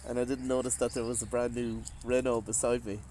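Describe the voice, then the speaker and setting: An Irish man chatting casually with his wife, animated as he tells a story and quotes other people. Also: mid-range voice, fairly quick, slight background noise. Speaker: co-host, husband. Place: garden outdoors. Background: faint outdoor ambience.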